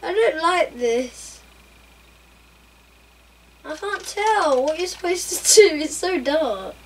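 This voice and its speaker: A woman reacting out loud while playing a racing game, laughing and exclaiming often. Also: very high-pitched, animated, slow pace. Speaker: gameplay streamer. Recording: mic a bit far off, faint room noise.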